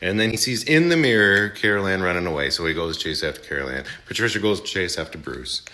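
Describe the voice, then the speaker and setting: Animated man recapping a movie plot. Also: deep voice. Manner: animated storytelling. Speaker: movie reviewer.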